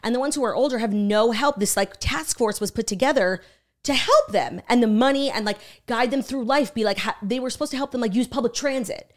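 A woman's voice: a little high, brisk. A woman co-hosting a podcast, chatting casually as she retells a true crime documentary, swearing freely and acting out what people said. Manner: animated, swearing, acts out quotes. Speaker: podcast co-host.

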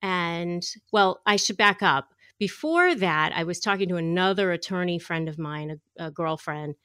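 Her lowish voice is expressive, smooth and fairly bright, moving at a normal speed as she animatedly tells a story. She's a middle-aged divorce attorney and negotiator interviewed as a podcast guest, recorded in studio quality with no room sound.

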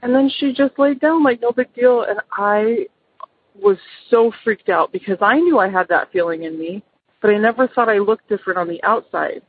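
A woman's voice: mid-range voice, normal speed, slightly rough, no echo. A middle-aged mother calling in to tell a personal ghost story, hesitant, with many ums and restarts. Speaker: caller. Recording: phone line.

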